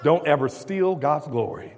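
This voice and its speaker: A man preaching a sermon with call and response, dropping low and quiet, then building up to shouting. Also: measured pace. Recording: long hall reverb.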